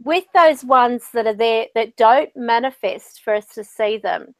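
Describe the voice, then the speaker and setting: A woman's voice: a little high, measured pace, dry recording. A woman host and spiritual medium chatting casually, telling stories and acting out what others said. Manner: chatty, storytelling with quoted voices. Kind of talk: casual conversation.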